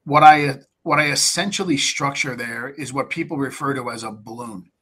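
A man talking as a guest on a podcast in an easy, casual way, with a voice of ordinary middle pitch. He gets animated as he explains, stumbling over and repeating words and slipping into little acted-out pitches to sellers. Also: moderate pace, husky. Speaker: podcast guest, real estate investor. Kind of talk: casual interview talk.

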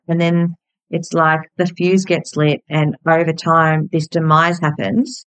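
A woman's voice: low voice, level tone, measured pace, fairly bright tone, clean tone, no room sound, rough recording. Candid, blunt Australian woman. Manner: candid, blunt, swears freely. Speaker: podcast host. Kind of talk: personal storytelling.

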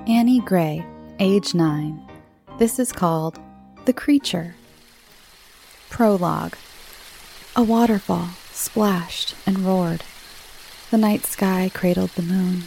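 Slow, expressive woman storyteller. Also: fairly low pitch, vocal fry, faint music behind. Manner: expressive, dramatic. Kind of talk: reading a child's story aloud.

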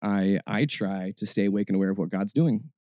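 A man's voice: on the low side, fairly quick, warm tone, no echo, clean studio sound. A man hosting a faith podcast, talking in a casual, reflective way and often restarting his words. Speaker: podcast host.

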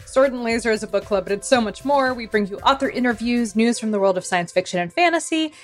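A woman's voice: on the high side, animated, fast talker, faint music behind. A woman co-hosting a podcast in casual chat, upbeat and enthusiastic, with small stumbles. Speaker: podcast co-host.

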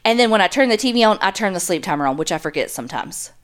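A woman co-hosts a podcast in a plain, mid-pitched voice. She reads listeners' stories aloud and chats bluntly, with a casual swear now and then. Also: expressive, racing. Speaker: podcast co-host.

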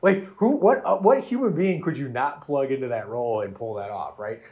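A man's voice: mid-range voice, animated, brisk, highs cut off. A man hosting a podcast, chatting animatedly about a show with frequent laughs and restarts. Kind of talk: casual chat reviewing a show.

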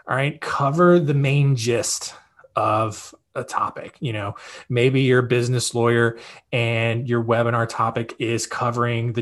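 A man's voice: medium pitch, fairly bright tone. A man hosting a podcast, giving casual advice in an upbeat, conversational way with lots of fillers and check-ins. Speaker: podcast host.

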